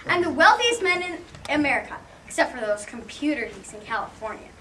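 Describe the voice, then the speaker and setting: A vain, blustering tycoon, played by a woman barks and boasts in a high, bright voice that swings widely. The stage play is heard from far off in an echoey hall. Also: lively intonation, normal speed, slight background noise, full character voice. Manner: barking, boastful, mocking. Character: blustering rich male tycoon boss, bossy and vain. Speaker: stage actor. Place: theatre stage, heard from the audience.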